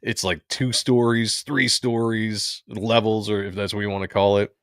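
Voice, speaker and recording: A man's voice: lowish voice, little pitch movement, moderate pace, clean tone, dry recording, studio quality. A man casually chatting about comic book pages with a co-host, reading viewer comments aloud and laughing often.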